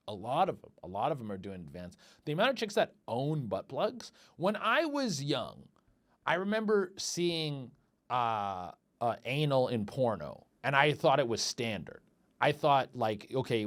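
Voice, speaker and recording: Animated man rambling crude comedy. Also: lowish voice. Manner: acts out little quoted exchanges. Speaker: podcast host. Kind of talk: crude comedic podcast rant.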